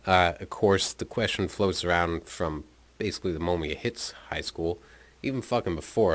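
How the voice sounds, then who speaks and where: A man's voice: sits low, normal speed, fairly bright tone. A young man casually telling a rambling, profane story about his school days, often laughing as he talks. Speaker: podcast host telling his life story.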